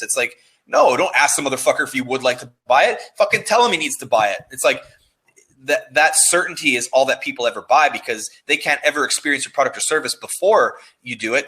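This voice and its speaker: A man's voice: mid-range voice, sharp tone, rough recording. A man being interviewed about copywriting, talking in a loose, profane, restless way and often restarting his words. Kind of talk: casual conversation.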